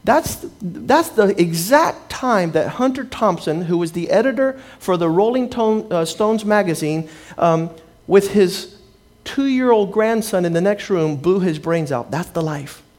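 A man's voice: sits high, animated, measured pace. A man preaching a sermon as a pastor, telling stories and acting out the people he quotes.

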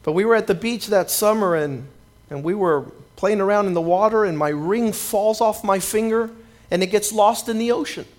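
A man with a high-pitched voice preaches a sermon and works a personal testimony into it. He tells the story with animation, restarting phrases by repeating their first words. When he acts out his younger self, his voice drops low and quiet. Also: normal speed.

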